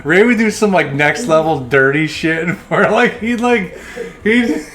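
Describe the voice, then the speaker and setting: A man's voice: fairly high pitch, expressive, a little slow, crowd noise. A man hosting a podcast, laughing often and swearing freely in casual chat. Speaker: podcast host. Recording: faint music behind. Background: faint music.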